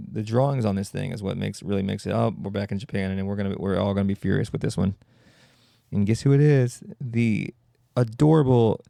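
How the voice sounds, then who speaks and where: A man's voice: on the low side, creaky, warm tone, no echo, studio quality. A man hosting a solo comedy podcast, rambling and mocking in a sarcastic tone. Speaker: podcast host.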